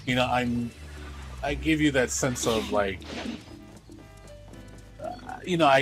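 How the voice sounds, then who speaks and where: A male streamer chatting to his audience in a loose, rambling way. He is blunt and candid and swears freely. Faint music plays quietly behind his voice. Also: medium pitch. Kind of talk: casual livestream chat.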